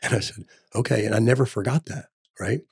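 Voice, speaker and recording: Gravelly, husky-voiced male candidate. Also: medium pitch, fairly quick, darkish tone. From Texas. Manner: emphatic, military jargon, repeats "right?". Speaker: gubernatorial candidate. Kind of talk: casual interview talk.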